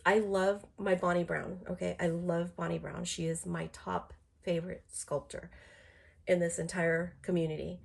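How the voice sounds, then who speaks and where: A middle-aged woman talks casually to a live stream from home, her voice low and husky with a gravelly edge. She rambles, restarting sentences and leaning on fillers, and sounds congested from a cold. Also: measured pace. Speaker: doll collector streaming live.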